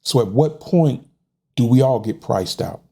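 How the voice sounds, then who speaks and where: A man's voice: medium pitch, lively intonation, a little slow, vocal fry, mellow, slightly rough. A middle-aged American man in a casual monologue, frustrated and folksy, often stumbling over repeated words and tossing in "man". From United States. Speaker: host.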